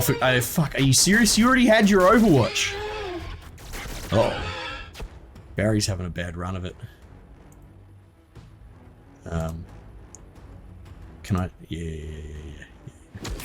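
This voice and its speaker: A young Australian man giving casual, excitable gameplay commentary, swearing and talking back to the units on screen. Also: medium pitch. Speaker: gameplay streamer.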